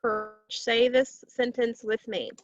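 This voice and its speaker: A woman teaching a phonics lesson to young children, slowly stretching out sounds and syllables. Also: a little high, animated, fairly bright tone, no room sound, lo-fi sound.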